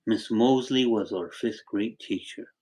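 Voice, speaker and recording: With poor audio, a fairly low-pitched voice comes through a little slow: an older Arizona man hosting a casual livestream at home, where a wood stove sits. He reads out viewers' names, thanking them, and tells warm, rambling stories.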